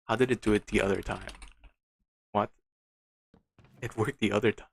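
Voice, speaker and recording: A man's voice: lowish voice, fairly even intonation, normal speed, gravelly, no room sound. A man streaming a game, muttering to himself with frustrated, disbelieving outbursts. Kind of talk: casual gameplay commentary.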